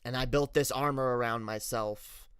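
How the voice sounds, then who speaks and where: A man's voice: medium pitch, fairly even intonation, normal speed, fairly bright tone, smooth, no echo, studio quality. A man streamer talking frankly in a casual personal story, profane, with many restarts.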